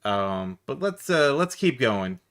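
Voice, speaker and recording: A man hosting a react stream, chatting casually with a rambling, laughing manner. His voice is bright and forward at a middle pitch. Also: sing-song, slow.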